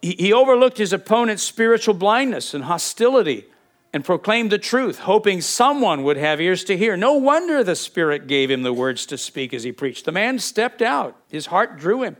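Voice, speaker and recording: A man with a fairly high voice preaches a sermon. He talks to the congregation in a conversational way, putting questions to them and often repeating words as he thinks aloud. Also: sing-song, normal speed. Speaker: pastor.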